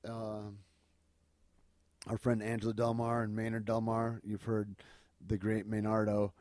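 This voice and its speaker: A man's voice: on the low side, monotone, measured pace, darkish tone, dry recording, studio quality. A man hosting a podcast in casual chat, ranting and joking with lots of swearing. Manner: profane, rambling joking rants. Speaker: podcast host.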